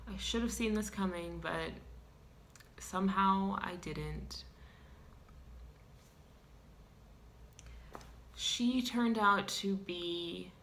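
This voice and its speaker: A woman's voice: medium pitch, slow, vocal fry, a bit bright. A woman playing a melodramatic clown-identifying woman. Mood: sulky. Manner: sighing, ranting, dramatic outbursts. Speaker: comedic vlogger character. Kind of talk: deadpan comedic character vlog.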